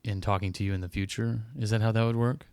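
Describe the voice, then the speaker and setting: A man's voice: on the low side, fairly even intonation, fast, darkish tone, clear, resonant tone, dry recording. A man co-hosting a casual home podcast, rambling with fillers and teasing his partner with jokes. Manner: rambling, joking, many fillers. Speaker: podcast co-host. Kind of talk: casual chat.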